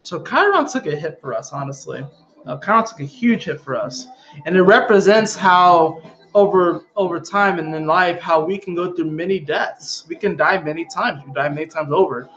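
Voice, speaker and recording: A man talking casually to his viewers about astrology in an animated, emphatic way, often swearing. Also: on the high side, moderate pace, dull audio. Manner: animated, emphatic, frequently profane. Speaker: astrology vlogger. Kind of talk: casual spiritual chat to viewers.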